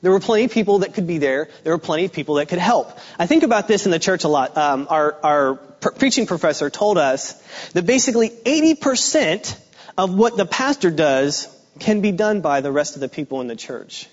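A man giving a guest sermon in a relaxed, conversational way, with fillers and restarts. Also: high voice, fairly quick, lo-fi sound. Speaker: guest preacher. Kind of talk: sermon with a joke opener.

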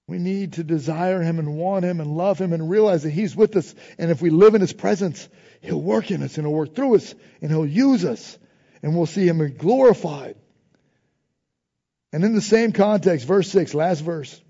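High-voiced preacher in a reverberant hall. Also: male voice, expressive, brisk, highs cut off. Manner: preaching with rising emphasis, repeated refrains and call-and-response; informal phrasing, dropping to soft prayerful tones. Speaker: pastor. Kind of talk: sermon.

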